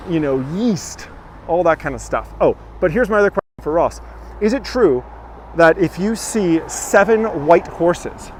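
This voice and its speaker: A man's voice: on the high side, a little mellow, a little hiss or hum. A man hosting a live walking tour outdoors, chatting and joking while answering viewer comments. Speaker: tour guide host. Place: outdoors on a village street with passing trucks.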